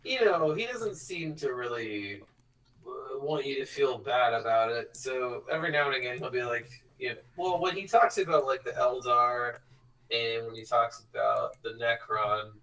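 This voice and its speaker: A man's voice: medium pitch, expressive, fairly bright tone, recorded from a distance, poor audio. Joking man heard from off-mic. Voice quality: quick, joking and frequently laughing. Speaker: tabletop game player. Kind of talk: casual chat among players.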